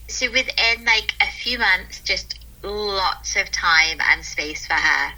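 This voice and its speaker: Brief: woman guest, very bright voice, earnest storyteller who laughs easily mid-sentence. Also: medium pitch, slow pace, few pauses, poor audio. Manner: warm, earnest, laughs often while telling stories. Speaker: guest, calm mentor. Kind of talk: casual interview storytelling.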